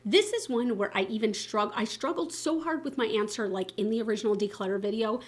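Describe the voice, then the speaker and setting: A woman beauty vlogger chatting casually to camera, expressive and candid, with lots of fillers and self-corrections. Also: fairly high pitch, brisk. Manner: enthusiastic and candid, swearing casually. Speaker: beauty YouTuber. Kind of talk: casual vlog chat to camera.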